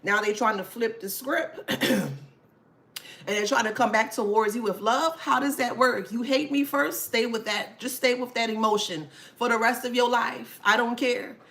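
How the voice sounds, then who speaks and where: A woman's voice: a little high, moderate pace, fairly bright tone. A woman hosting a casual talk to camera, sassy, laughing often and swearing freely. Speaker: channel host.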